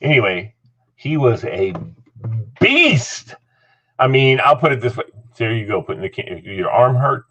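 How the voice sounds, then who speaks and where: Lively middle-aged man telling a story. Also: mid-range voice, normal speed. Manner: animated, laughing, acts out voices. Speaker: host. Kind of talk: casual storytelling chat.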